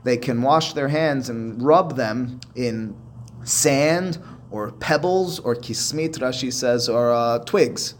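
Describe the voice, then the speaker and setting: A man's voice: mid-range voice, slow, a little hiss or hum. A man, a rabbi, teaching a Talmud lesson, reading Aramaic and Hebrew phrases and then explaining them step by step.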